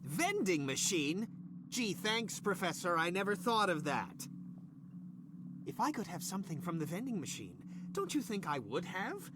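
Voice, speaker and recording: A cranky, hungry lab boss barks sarcastic insults in a high, swooping voice. The game audio carries a steady hiss and a low hum underneath. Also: male voice, moderate pace. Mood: angry sarcastic. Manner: snapping, sarcastic insults, then stiff apologies. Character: irritable middle-aged male lab boss, hungry and short-tempered. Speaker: senior scientist.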